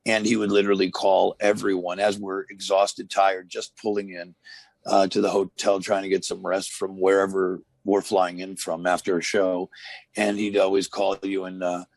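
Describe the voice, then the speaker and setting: Lower-voiced man telling stories, rambling. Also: normal speed, creaky, no room sound. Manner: relaxed, rambling with many fillers. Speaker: former wrestler, interview guest. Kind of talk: casual storytelling interview.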